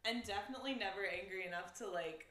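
A woman's voice: medium pitch, fast, a bit bright. A woman co-hosting a podcast in casual chat, laughing often as she talks. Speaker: podcast co-host. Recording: echoey room.

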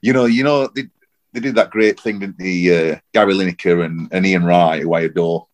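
A man, rambling and animated in casual football chat on a podcast. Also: low-pitched, normal speed. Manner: rambling, animated, repeats himself. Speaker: podcast co-host.

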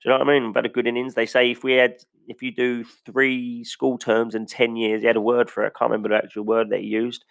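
A man's voice: mid-range voice, little pitch movement, fast, gravelly, smooth, no room sound. A man, a driver, ranting bluntly and passionately in casual talk, with some swearing. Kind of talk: casual opinion rant.

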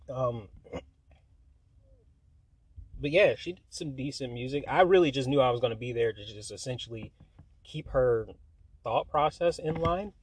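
Husky man telling a wild story. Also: brisk. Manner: swears freely, laughs a lot, voice jumps high when excited. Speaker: storyteller in a casual chat. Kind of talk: casual chat.

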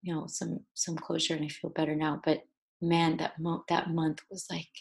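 A young woman actor in an interview, telling a personal story in a halting way with many restarts, at times tearful with her voice breaking. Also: low voice, completely flat delivery, gravelly, a little hiss or hum. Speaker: actor guest.

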